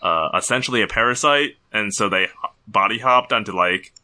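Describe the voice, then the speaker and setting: A man's voice: lowish voice, fairly quick, bright, forceful tone. A man hosting a podcast, recapping a show in a casual, rambling way with fillers. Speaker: podcast host. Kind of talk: casual chat.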